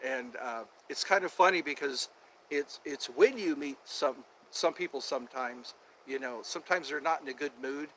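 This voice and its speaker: A man's voice: medium pitch, moderate pace, fairly bright tone, a little hiss or hum, low-quality recording. A man chatting casually on a livestream, rambling with many fillers, recorded outdoors on a phone. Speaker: livestream host. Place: outdoors at sunset, traffic passing.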